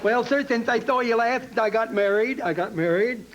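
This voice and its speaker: A man's voice: very high-pitched, moderate pace, lo-fi sound, some chatter behind, slight background noise, voice pushed up. A man voicing a simple-minded country bumpkin who tells folksy jokes. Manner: folksy, drawling storyteller.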